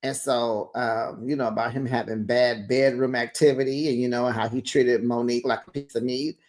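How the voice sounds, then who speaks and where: A recap host gossips in a lively, casual way, calling listeners "honey" and "child," laughing often and acting out what others said. Her voice is extremely low-pitched, at a normal speed.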